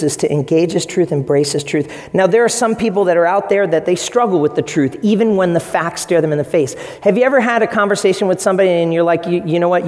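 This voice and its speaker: Male pastor, high voice, animated storytelling sermon, long hall reverb. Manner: animated storytelling with acted-out quotes.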